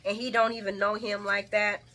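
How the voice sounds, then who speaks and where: A woman doing a casual soap opera recap vlog, talking to viewers in a heated, animated, profane way. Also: medium pitch, moderate pace. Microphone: camera mic.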